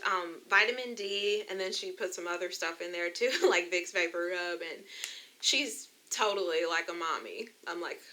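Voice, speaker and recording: Bright-voiced woman sharing a personal vlog. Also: medium pitch. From United States. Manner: emotional, chatty, addresses viewers as you guys. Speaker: vlogger.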